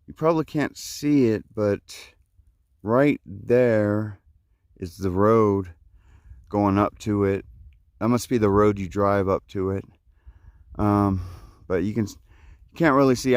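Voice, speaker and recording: A man's voice: on the low side, smooth, no echo, clean studio sound. A man talking casually to viewers while hiking outdoors on a mountain, chatty with many ums, at times out of breath. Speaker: trail vlogger.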